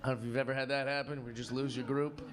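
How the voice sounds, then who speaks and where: A man's voice: medium pitch, little pitch movement, racing. A male stand-up comedian telling a loose story on stage and acting out the quotes. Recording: live stage with crowd laughter.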